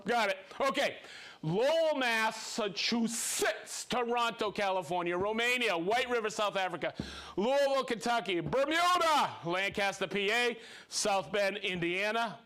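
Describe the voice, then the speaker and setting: A man's voice: sits high, animated, a little slow, pushed and bright. A man hosting a livestream, reading out viewer names and hometowns with upbeat cheering and chatty asides. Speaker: livestream host. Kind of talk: reading viewer shout-outs.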